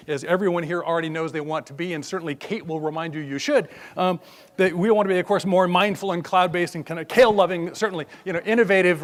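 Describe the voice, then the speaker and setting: An older man giving a conference keynote in an animated, joking, conversational way. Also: high-pitched. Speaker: keynote speaker. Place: conference hall stage.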